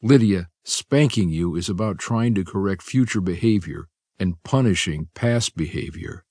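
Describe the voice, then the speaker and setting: A man playing a firm, quiet baritone husband. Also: lively intonation, normal speed, slightly rough, dry recording, clean studio sound.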